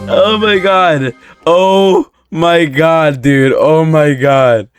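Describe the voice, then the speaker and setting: A man's voice: fairly high pitch, very slow, over music. A man doing casual reaction commentary on funny videos, laughing often and repeating short exclamations.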